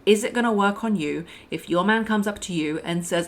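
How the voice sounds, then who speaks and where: A woman's voice: mid-range voice, brisk, few pauses. A young adult woman coaching on dating in a blunt, emphatic advice monologue, calling her listeners "my loves" and "girl".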